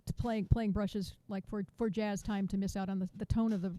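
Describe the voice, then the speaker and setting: A woman teaching a drum masterclass over a video call, chatty and counting beats out loud. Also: medium pitch, little pitch movement, brisk, dry recording. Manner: chatty, restarts sentences, counts beats aloud.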